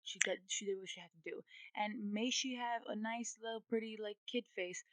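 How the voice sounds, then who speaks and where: A woman's voice: medium pitch, steady tone, normal speed, dry recording, low-quality recording. A woman co-hosting a casual podcast chat, ranting with energy and swearing freely. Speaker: podcast co-host.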